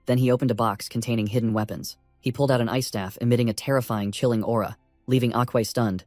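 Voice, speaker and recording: Male narrator, story recap, steady even reading, dry close voice, faint music. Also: mid-range voice, fast, dry recording.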